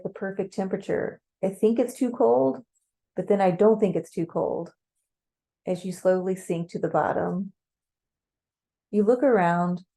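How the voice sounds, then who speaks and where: A woman narrating a guided meditation in a slow, calm, measured way. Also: fairly low pitch.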